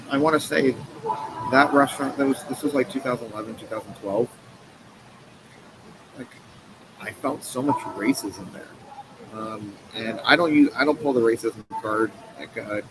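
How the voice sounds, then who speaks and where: Earnest halting man, noisy stream. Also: fairly low pitch. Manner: earnest, halting with many fillers and restarts. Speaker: guest, company co-founder and president. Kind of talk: conversational storytelling interview answer. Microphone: live stream mic.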